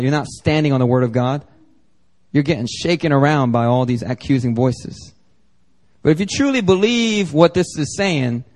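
A man's voice: fairly high pitch, a little mellow. A man preaching a sermon as pastor, conversational and joking, acting out little dialogues. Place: church service.

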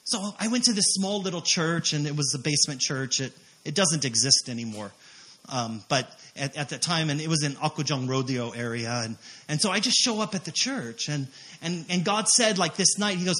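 A man, a missionary preacher, telling a testimony story in an animated way, acting out quotes with many fillers. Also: fairly high pitch, normal speed.

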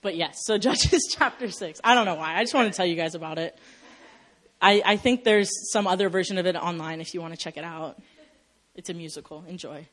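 A young adult woman preaching a sermon, telling a Bible story in a lively way, acting out quotes and laughing at herself. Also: fairly low pitch, a little fast.

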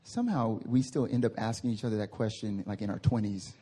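A man preaching a sermon as pastor, lively, with playful voiced asides and big swings from loud to hushed. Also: lowish voice, fast, husky. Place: church service.

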